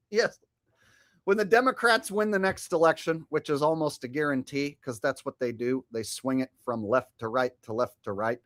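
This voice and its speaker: A man's voice: medium pitch, normal speed, fairly bright tone. A man hosting a show with casual, sardonic, profane commentary. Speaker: show host.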